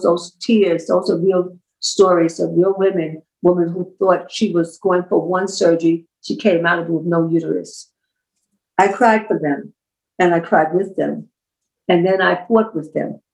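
A woman's voice: fairly low pitch, steady tone, moderate pace, vocal fry, darkish tone, poor audio. Woman telling a heartfelt story. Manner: heartfelt, emphatic storytelling with repeated phrases. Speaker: holistic healer and author, podcast guest. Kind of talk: personal storytelling in a podcast interview.

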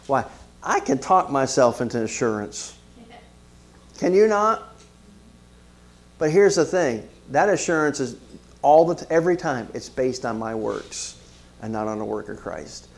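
A middle-aged pastor with a slightly high voice preaches in a lively, conversational way. He moves from storytelling into direct questions to his congregation and keeps a casual tone. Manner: animated, conversational preaching with frequent asides to the congregation. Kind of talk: sermon with storytelling.

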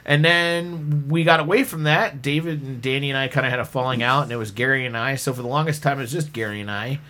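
A man's voice: medium pitch, bright, forceful tone. Rambling, self-deprecating male podcast host. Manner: rambling storytelling with frequent restarts. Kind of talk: casual podcast chat.

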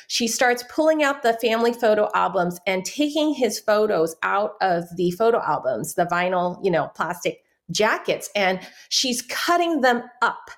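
Middle-aged woman guest, earnest testimony, mid-pitched voice. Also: very animated, normal speed. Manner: earnest storytelling, acting out quoted family voices. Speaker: interview guest, soul care minister. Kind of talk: personal testimony in a faith interview.

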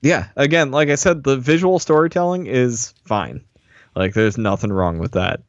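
A man recapping an episode in casual chat, relaxed and laughing often, mildly critical. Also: medium pitch, normal speed, no room sound, dull audio. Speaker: podcast co-host recapping an episode.

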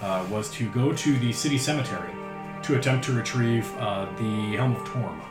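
A man narrating a tabletop game as game master in a relaxed way. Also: medium pitch, normal speed. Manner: relaxed, with frequent "uh" fillers. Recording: roomy with background music.

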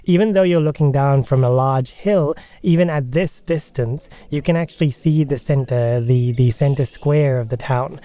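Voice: medium pitch, moderate pace, few pauses, warm tone. A podcast game master narrating a tabletop adventure in a casual, descriptive way.

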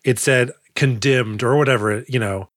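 A mid-range male voice at normal speed, recorded dry with studio quality. He co-hosts a movie podcast, chatting in a casual, jokey way and now and then acting out silly voices for characters.

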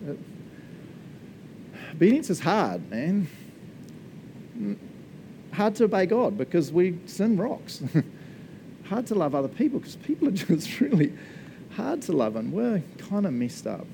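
A man with a New Zealand accent preaching a lively, playful sermon, laughing often and now and then shouting for joy. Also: fairly high pitch, normal speed, creaky, long pauses, a little hiss or hum.

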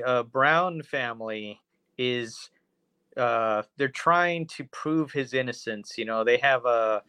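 A male podcast co-host in casual comedic chat with a bright, edgy tone. He tells the story loosely, with fillers and curse words. The recording is dry and close. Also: mid-range voice, clean tone, no echo.

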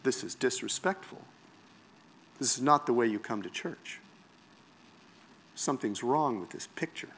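Animated man telling a testimony. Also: mid-range voice, unhurried, long pauses, husky. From Canada. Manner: animated, wry, self-mocking storyteller who acts out quotes. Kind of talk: personal testimony in a sermon.

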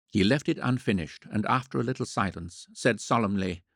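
Low, gravelly male storybook narrator. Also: fairly quick, hardly any pauses, no room sound, studio quality. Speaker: audiobook narrator. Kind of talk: scripted narration.

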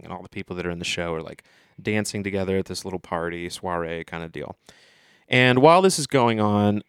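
A man's voice: deep voice, clean tone, no echo, clean studio sound. A man casually retelling a film plot, rambling, swearing freely and acting out the characters' lines. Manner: rambling storyteller, swears freely, acts out quotes. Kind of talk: casual film recap chat.

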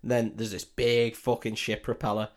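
A young man co-hosting a podcast, retelling a film scene in a sweary, animated way. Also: medium pitch, moderate pace. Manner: sweary, animated storytelling with laughs. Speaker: podcast co-host. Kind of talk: casual film recap chat.

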